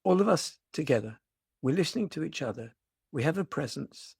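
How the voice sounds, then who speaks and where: An older man, a meditation teacher, giving a reflective dharma talk with gentle humor and storytelling. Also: on the high side, expressive, brisk, gravelly, slightly rough, dry recording, clean studio sound.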